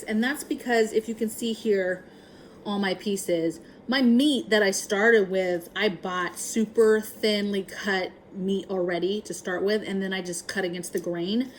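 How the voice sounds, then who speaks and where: A woman at a middle pitch talks through a home how-to vlog in a relaxed, chatty way. She sounds upbeat and keen, fills her pauses with "um" and tags her points with "right?". A faint hum of room noise sits behind her. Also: rough recording. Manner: chatty, frequent ums and tag questions; upbeat and enthusiastic. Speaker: prepping vlogger.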